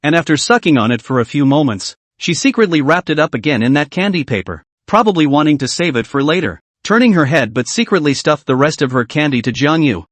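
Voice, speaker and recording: A man narrating a comic recap as a voice-over, in a flat, machine-like reading. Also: a little high, a little fast, few pauses, no room sound.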